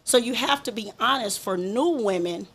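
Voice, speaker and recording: A woman's voice: a little high, normal speed, fairly bright tone, slight background noise. A woman from Compton giving a candid interview about riding, talking emphatically and repeating her points. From Compton, California. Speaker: motorcycle rider, interview guest. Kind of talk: casual interview chat.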